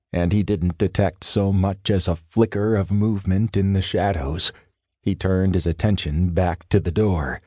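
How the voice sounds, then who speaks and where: Male audiobook narrator, lowish voice, dry studio sound, measured suspense. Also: a little mellow, no room sound. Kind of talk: scripted thriller narration.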